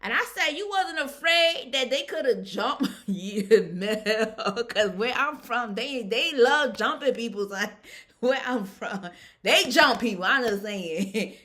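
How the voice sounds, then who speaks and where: Bright-voiced woman recapping a show. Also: fairly high pitch, slow. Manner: chatty and animated, laughs often, colloquial. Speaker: reality show recap vlogger. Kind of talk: casual episode recap.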